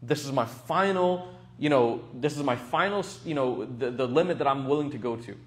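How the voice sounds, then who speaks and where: A man's voice: mid-range voice, fairly quick, lightly acted. A man playing a hesitant, uneasy worshipper. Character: pious man, hesitant and easily swayed.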